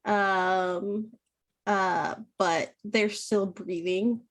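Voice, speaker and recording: Woman, dungeon master, tabletop game narration, slow pace, frequent fillers. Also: mid-range voice, steady tone. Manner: unhurried, with many fillers.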